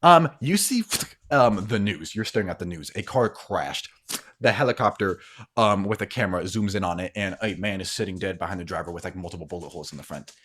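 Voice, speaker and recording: A man's voice: sits low, brisk, a bit bright. A man narrating as game master of a tabletop role-playing game, rambling with many fillers and frequent laughs.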